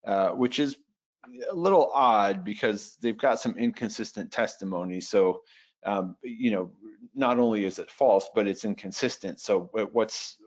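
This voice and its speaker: A man's voice: fairly low pitch, a little mellow. A man teaching a live webinar on translating a text, explaining patiently with many fillers and restarts. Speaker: webinar instructor. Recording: dull lo-fi web audio.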